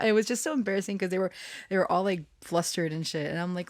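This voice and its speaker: Speaking fast in a lowish voice, a woman, a channeler and storyteller, rambles through a personal story in a casual monologue. Embarrassed and self-conscious, she giggles a lot and restarts sentences, piling on fillers. The recording is clean studio sound without room noise.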